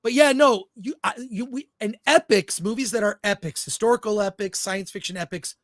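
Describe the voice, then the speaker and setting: A man's voice: high voice, brisk, no room sound, studio quality. A man co-hosting a film podcast in casual, opinionated chat, reading out live chat comments as he goes. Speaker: podcast co-host.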